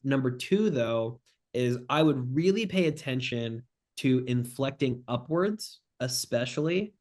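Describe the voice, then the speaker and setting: A man's voice: mid-range voice, lively intonation, unhurried, a little mellow. A man who is a sales closing expert, chatting as a podcast guest, direct and joking, acting out short phone exchanges as he talks. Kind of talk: casual podcast chat.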